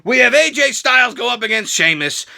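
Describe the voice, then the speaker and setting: A man ranting through a wrestling show review, crude and mocking, breaking into shouts and laughter. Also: very high-pitched, expressive, a little fast, vocal fry. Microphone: handheld camera.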